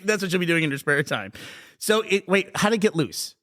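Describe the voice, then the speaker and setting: Joking man with a lively voice. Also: sits high, brisk. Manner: joking, laughs often, playful teasing. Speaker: podcast co-host. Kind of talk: casual chat.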